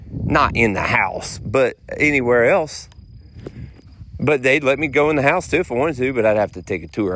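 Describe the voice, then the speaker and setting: A man, hosting a podcast and telling casual, slangy stories, animated and often mimicking the people he quotes. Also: mid-range voice, a little hiss or hum. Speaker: podcast host. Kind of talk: casual storytelling monologue.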